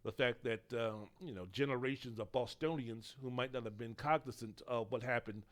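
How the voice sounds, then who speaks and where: A man's voice: mid-range voice, fairly even intonation, moderate pace. A man hosting a solo sports podcast, talking in a rambling, opinionated way and swearing casually. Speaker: podcast host.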